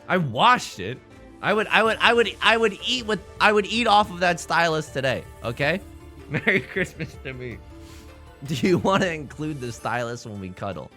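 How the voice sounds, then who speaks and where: Young man, streamer, casual gaming chat, rambling, very lively pitch, faint music behind. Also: fairly quick. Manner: animated and rambling, swinging between mumbles and loud squeals.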